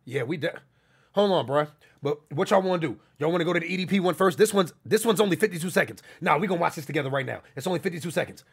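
Fast, gravelly young man streaming. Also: fairly high pitch, expressive. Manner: hyped, profane, repeats catchphrases. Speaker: livestream host. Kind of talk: casual livestream chat.

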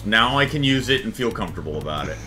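A man streaming a shooter game, chatting casually, animated and swearing freely. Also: on the low side, quick pace, music in the background. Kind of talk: casual gaming chat.

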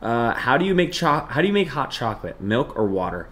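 A young man hosting a live stream, reading chat aloud and thanking viewers, jumping between loud bursts of excitement and low mumbled asides. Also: a little fast. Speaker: livestreamer.

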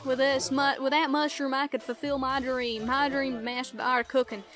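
A woman's voice: sits high, flat delivery, a little fast, over music, close to an everyday voice. A woman reading game dialogue aloud, voicing a proud older male cat chef with a folksy Southern accent and a grandiose manner. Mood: eager.

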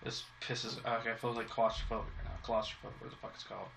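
A man's voice: medium pitch, level tone, racing, vocal fry, fairly bright tone, slight background noise. A man giving casual let's-play commentary, frustrated and swearing constantly as he talks to himself. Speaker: gameplay commentator.

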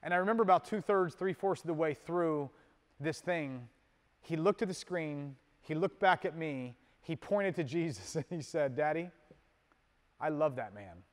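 A man preaching a sermon as pastor, moving between loud emphatic peaks and soft, low asides in a conversational manner with casual fillers. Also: normal speed. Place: church sanctuary. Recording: long hall reverb.

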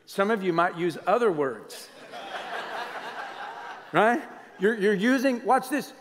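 Pastor preaching in a reverberant hall. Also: male voice, high-pitched, takes it slowly, background noise. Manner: conversational, animated preaching with audience asides. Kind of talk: sermon.

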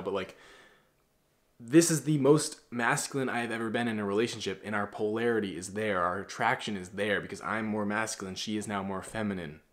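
A young man in his twenties lectures in a blunt, preachy way, full of casual slang. His voice sits a little low as he coaches other men on how to carry themselves. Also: a bit bright. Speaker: masculinity coach. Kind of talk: casual motivational monologue.

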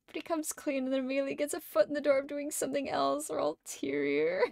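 A young adult woman streamer in casual chat, gushing like an excited fan and swearing and laughing often. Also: high-pitched, quick pace, creaky, no echo, clean studio sound.

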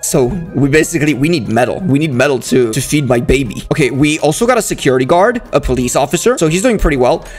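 A young man giving casual, excitable commentary while he plays a game, often talking to the game's characters. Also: medium pitch, quick pace, hardly any pauses, soft background music. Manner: excitable, talks to game characters, frequent exclamations. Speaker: gaming YouTuber.

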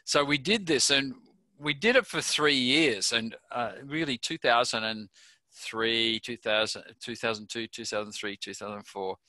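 A man's voice: medium pitch, moderate pace, pushed and bright, no echo. An older Australian man being interviewed, telling a chatty anecdote and chuckling at his own story. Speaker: interview guest.

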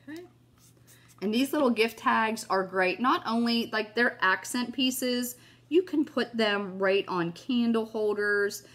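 Fairly high-pitched, unhurried and fairly bright, this craft video host chats and gushes through a casual tutorial. She has a cough and keeps exclaiming "you guys" and "oh my gosh."

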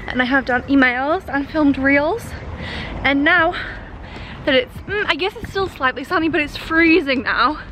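A woman's voice: sits high, measured pace, pushed and bright, slight background noise, poor audio. A young woman in her twenties chatting casually to camera in a vlog, bubbly and rambling. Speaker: vlogger.

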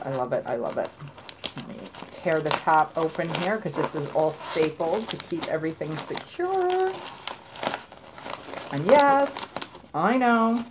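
Woman, low pitch, enthusiastic, repeats herself, casual home unboxing chat. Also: very animated, moderate pace, background noise. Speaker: craft vlogger.

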